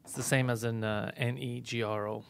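A man hosts a comedy live stream in a joking, emphatic way, reading viewer names and riffing on the news. His voice is mid-pitched and sits dry and close, with no room sound. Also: fairly even intonation, moderate pace, gravelly, clear, resonant tone, no echo. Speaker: host.

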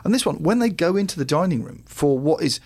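A man's voice: fairly high pitch, expressive, fast, darkish tone. Guy chatting keenly, voice goes up and down a lot. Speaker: podcast co-host. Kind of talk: casual chat about comedy.

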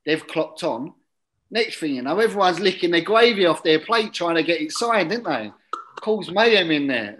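A man telling a long casual anecdote as an interview guest, chatty and drifting into quiet muttered asides. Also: on the high side, big pitch swings, moderate pace, rough recording. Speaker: guest, former footballer.

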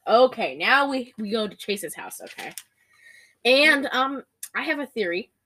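Young woman, podcast co-host, lively pitch, rapid-fire laughing recap. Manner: giggly, rapid-fire, animated storytelling. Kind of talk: casual chat recapping a movie.

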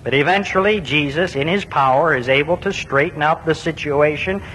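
A man's voice: normal speed, a bit bright. A man preaching a sermon, earnest and emphatic, with rhetorical questions and repeated words. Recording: long reverb with faint low rumble.

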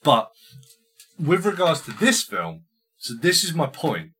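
A man co-hosting a casual film podcast, swearing a lot and acting out scenes in loud put-on voices. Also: a little high, wildly swooping pitch, takes it slowly, slightly rough. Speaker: podcast co-host.

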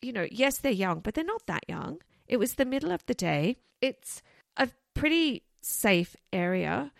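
A woman's voice: a little high, big pitch swings, measured pace, creaky, dry recording, studio quality. A woman co-hosting a podcast, telling a case in a chatty, loose way full of asides. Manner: chatty, loose, many "you know" and "like" asides. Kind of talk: casual storytelling chat.

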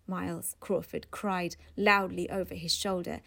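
A woman reading a literary novel aloud in a slow, measured way. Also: lowish voice, steady tone, creaky. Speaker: audiobook reader. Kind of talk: literary audiobook narration.

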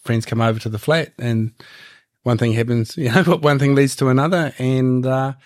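A man with a New Zealand accent, a guest on a podcast, telling long rambling stories in a relaxed, casual way. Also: medium pitch, normal speed, no echo, studio quality. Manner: rambling, laid-back, laughs while telling stories. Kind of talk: casual storytelling.

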